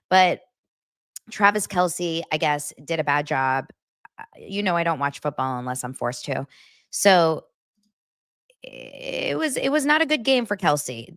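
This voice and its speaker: A woman with a lowish voice chats about celebrity gossip in a playful, meandering way, often stopping mid-word to restart. The sound is dry and close, with no room around it. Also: fairly bright tone, no room sound. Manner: rambling, self-interrupting, playful. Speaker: host. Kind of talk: casual celebrity gossip chat.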